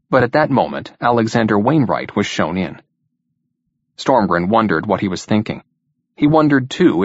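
A man narrating an audiobook in a steady, even reading manner, in a dull lo-fi recording. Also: fairly low pitch, breathy edge, dry recording.

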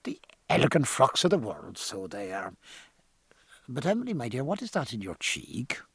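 A man's voice: medium pitch, wildly swooping pitch, normal speed, fairly bright tone, breathy edge, no room sound, heavily acted. A man voicing a fussy fatherly figure who scolds and hurries along young girls in a storybook reading. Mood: scolding. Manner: fussing, scolding.

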